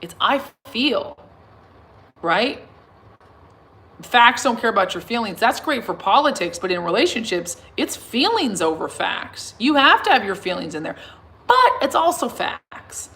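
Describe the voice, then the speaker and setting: A woman in her thirties chatting casually to her followers, emphatic and self-assured, swinging from soft to loud. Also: fairly high pitch, big pitch swings, a little slow. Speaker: singer and vlogger addressing her followers. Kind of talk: casual livestream chat reading comments.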